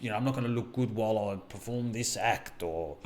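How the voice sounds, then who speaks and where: A man's voice: on the low side, fairly quick, a little mellow. A man co-hosting a casual talk show, blunt and rambling, swearing constantly as he tells stories. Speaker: podcast co-host. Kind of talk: casual chat.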